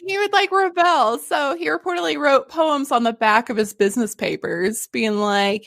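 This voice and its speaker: A woman hosting a casual history podcast, telling the story in an animated, jokey way with laughs and swearing. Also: high-pitched, normal speed, gravelly, few pauses, no echo, clean studio sound. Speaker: podcast host.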